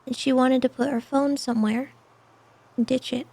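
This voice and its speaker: A woman in her thirties in a roleplay game, telling what happened in a hesitant, halting way. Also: high voice, fairly even intonation, warm tone. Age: 30s. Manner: hesitant, repeats words while telling. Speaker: streamer and roleplay player. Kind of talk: in-character recounting in a game.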